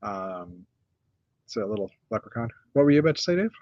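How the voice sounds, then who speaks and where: A middle-aged man from North America hosting a casual chat, rambling through a list with many pauses and restarts. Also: on the low side, big pitch swings, a little mellow, dry recording, lo-fi sound. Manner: rambling, lots of uh and restarts, shows builds one by one. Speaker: podcast host.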